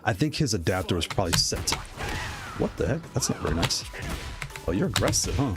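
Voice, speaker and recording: Lively low-voiced man, playful gameplay trash-talk. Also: brisk. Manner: playful trash-talking, excitable exclamations. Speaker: streamer playing a fighting game. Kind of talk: live gameplay commentary. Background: loud music.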